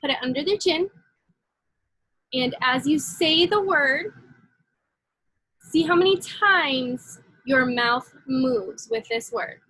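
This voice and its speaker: A woman teaching a phonics lesson to young children, slow and encouraging. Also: high-pitched, expressive, bright, forceful tone, no room sound, rough recording.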